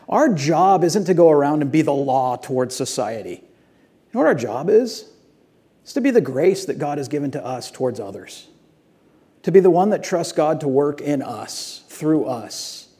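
A man's voice: a little high, darkish tone. A man preaching a sermon to a congregation in a church, telling stories conversationally and building up to emphatic moments. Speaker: pastor.

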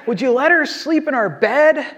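A man's voice: very high voice, animated, normal speed, a bit bright, dull audio, pitched above the performer's own voice. A man voicing an insecure wife who keeps testing her husband with pointed questions in a joke from a sermon. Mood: suspicious. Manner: pointed, increasingly exasperated questions.

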